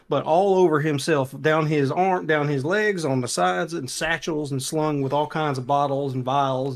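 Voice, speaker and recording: Man, tabletop player, relaxed, chatty, slightly high voice. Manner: relaxed, says "I reckon" and "you know". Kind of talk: casual chat at a tabletop game.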